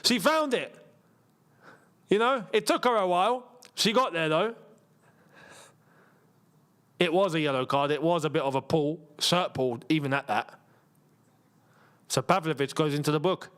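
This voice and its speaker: A man hosting a live football watchalong, chatty and excitable and laughing often. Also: on the high side, moderate pace, long pauses, clean tone. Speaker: host.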